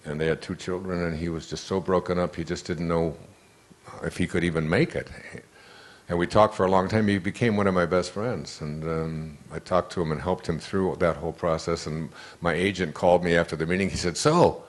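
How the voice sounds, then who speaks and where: A man's voice: deep voice, fairly even intonation, fairly quick. An older man giving an inspirational lecture, telling a rambling story with restarts and asides. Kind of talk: inspirational lecture to a live audience.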